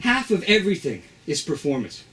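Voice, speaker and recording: A man's voice: on the high side, huge pitch swings, a little fast, sharp tone, a little hiss or hum. A man co-hosting a radio show in a studio, bantering playfully and theatrically. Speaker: radio co-host.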